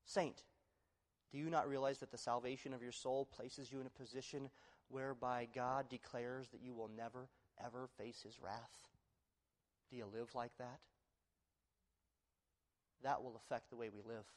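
A male pastor preaching a sermon, moving between loud, emphatic declarations and quiet, hushed appeals to the congregation. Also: mid-range voice, flat delivery, normal speed, long pauses. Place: church sanctuary. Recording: long reverb of a large hall.

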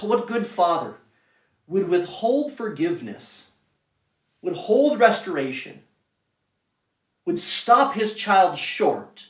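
A man preaching a sermon, earnest, rising to emphatic points and dropping to hushed pleading. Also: high voice. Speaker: pastor. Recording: echoey room, mic at a distance.

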